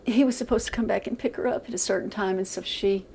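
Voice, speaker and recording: An older woman speaks in a gravelly, creaky voice, recounting events haltingly with repeated words. She is being interviewed for the news. A faint hiss of noise sits underneath her. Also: medium pitch, fairly even intonation, a little mellow, low-quality recording.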